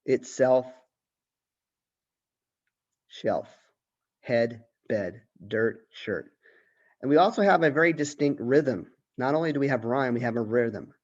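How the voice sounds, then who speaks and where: A man's voice: medium pitch, animated, takes it slowly, pauses often, dull audio. A man who is a college literature professor, giving a lecture and thinking aloud with restarts and questions. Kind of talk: recorded lecture.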